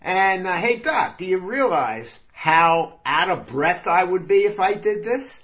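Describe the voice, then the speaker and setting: A man's voice: high voice, expressive, measured pace, fairly bright tone, highs cut off, voice pushed up. A man voicing a whiny middle-aged patient with a bad heart who protests and pleads his way out of exercise. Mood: protesting.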